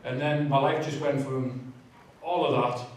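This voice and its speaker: A man sharing his testimony in a church, with animated, self-mocking storytelling and asides to the audience. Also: mid-range voice, a little slow, background noise. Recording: echoey church hall, distant mic.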